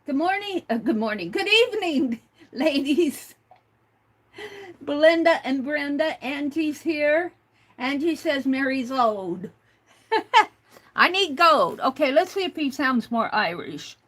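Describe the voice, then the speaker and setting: A woman with a high, expressive, fairly bright voice hosts a casual livestream, taking things slowly with long pauses. She chats with viewers, reads their comments aloud, and spells out words letter by letter.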